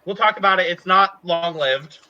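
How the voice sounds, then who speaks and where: Bright-voiced playful man co-host. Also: sits high, normal speed, muffled recording. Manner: playful, jokey, animated. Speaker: podcast co-host. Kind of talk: casual recap chat.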